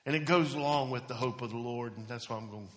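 A man, a hospice chaplain preaching a sermon, telling a story in an animated way that sinks to a hush at its most tender points. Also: mid-range voice, fast talker. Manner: storytelling, animated, drops to near-whisper at emotional points. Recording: long hall reverb.

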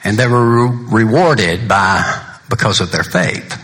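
An older pastor gives a funeral sermon in a fairly low, fairly bright voice, speaking slowly. He's folksy, slipping self-deprecating joking anecdotes between solemn words of comfort.

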